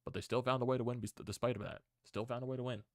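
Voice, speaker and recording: A man hosting a casual sports recap stream, excitable and given to repeated exclamations. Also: mid-range voice, very fast, no room sound, clean studio sound.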